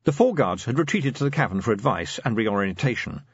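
A man with a husky voice narrating a novel in a lively, expressive manner. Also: mid-range voice, fairly quick, no echo, highs cut off. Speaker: audiobook narrator. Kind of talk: scripted narration.

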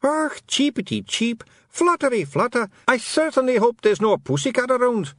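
Scrappy wee Scottish fairy man, very high and shrill, yelling. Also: sing-song, normal speed, no echo, clean studio sound. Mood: squawking. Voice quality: shrill, squawking. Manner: yelling, comic bird cheeps. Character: tiny wild Scottish fairy man, mock bird.

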